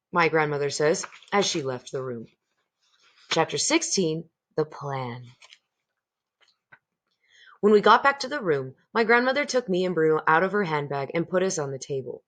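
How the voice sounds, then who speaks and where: A woman reading a children's chapter book aloud in an expressive, animated way. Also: fairly low pitch, moderate pace. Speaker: reader. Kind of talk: audiobook reading.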